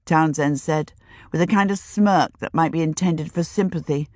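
A woman narrating an audiobook in a measured, even manner. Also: deep voice, dry recording, clean studio sound.

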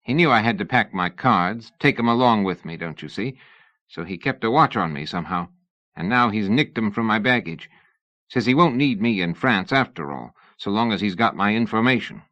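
A cocky, streetwise rogue who grumbles low and talks bluntly, as a male narrator puts him on. The voice sits deep and close, with a dry, muffled sound. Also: expressive, normal speed, bright, forceful tone, dry recording. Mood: gruff. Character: cocky streetwise London man, gruff and blunt.

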